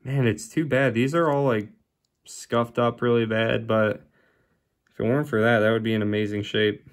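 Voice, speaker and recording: A man's voice: steady tone, moderate pace. A man hosting a coin hunting video, casually calling out dates as he sorts coins. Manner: calls out coin dates one after another in a low-key way. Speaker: coin roll hunting channel host. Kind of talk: casual narration while sorting coins.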